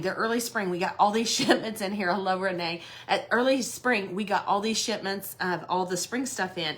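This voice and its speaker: A middle-aged woman chats casually on a home decor livestream, recorded from her office. She tells stories in an animated, rambling way and laughs often. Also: mid-range voice, a little hiss or hum. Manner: chatty, animated storytelling with laughs. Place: her office in a shed building.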